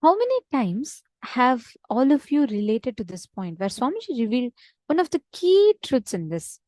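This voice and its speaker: A woman's voice: high-pitched, very animated, dark tone, no room sound. Earnest woman teaching over a call. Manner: storytelling, earnest, slows for emphasis. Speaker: meditation teacher. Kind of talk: online spiritual teaching talk. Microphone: online video call.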